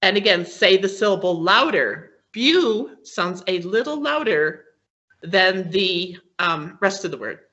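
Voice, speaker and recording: Bright-voiced woman teaching over a call. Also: fairly low pitch, expressive, measured pace. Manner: patient, explains step by step with frequent "okay?" checks. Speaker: guest teacher. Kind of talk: online English pronunciation lesson. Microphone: video call. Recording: dull lo-fi video call audio.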